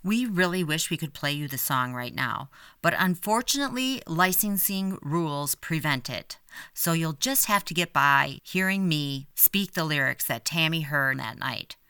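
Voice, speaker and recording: Bright-voiced woman podcast host. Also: low-pitched, lively intonation, moderate pace, smooth, dry recording, clean studio sound. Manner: polished, promotional read. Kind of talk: scripted narration.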